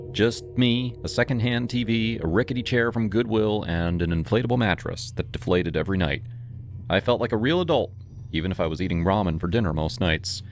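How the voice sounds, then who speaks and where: A man narrating a first-person horror story in a tense storytelling manner, over background music. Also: low-pitched.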